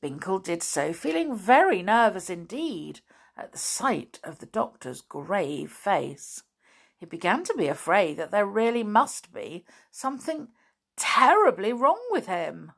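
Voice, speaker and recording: Woman reading a children's story slowly. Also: medium pitch, big pitch swings, gravelly, fairly bright tone, breathy edge.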